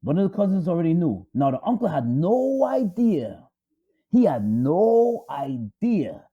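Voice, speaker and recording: A man co-hosting a talk show, retelling a story with drama and emphatic repetition. His voice sits somewhat high and husky and swings widely in pitch. The recording is dull and lo-fi. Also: very animated, a little slow. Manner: repetitive, emphatic, restarts for effect. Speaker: co-host.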